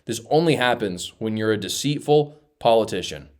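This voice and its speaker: A man's voice: fairly low pitch, lively intonation, moderate pace, darkish tone. A man hosting a political commentary show, blunt and mocking in his opinions.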